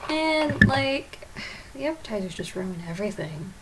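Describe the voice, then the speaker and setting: A woman hosts her own drawing stream in a loose, casual chat. She talks slowly in a fairly high voice and is blunt, swearing freely. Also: very animated, crowd noise, poor audio. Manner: blunt, swears, laughs often.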